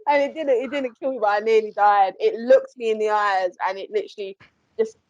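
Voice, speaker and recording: A woman, a paranormal investigator, telling a story in a chatty, animated way on a podcast, quick to laugh. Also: medium pitch, dry recording. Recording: dry, slightly muffled podcast audio.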